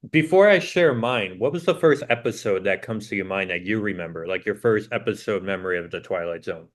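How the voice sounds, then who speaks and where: A man's voice: fairly low pitch, brisk. A young adult man co-hosting a podcast, talking casually and filling his sentences with "like". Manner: rambling, peppered with "like". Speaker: podcast co-host. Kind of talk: casual chat.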